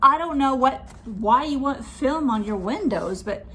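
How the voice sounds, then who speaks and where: Irritated lady ranting through an unboxing, kinda high pitched, noisy recording. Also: animated, measured pace, pushed and bright. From California. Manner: annoyed, snarky commentary. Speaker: vlogger unboxing a returns box. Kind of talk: casual unboxing vlog.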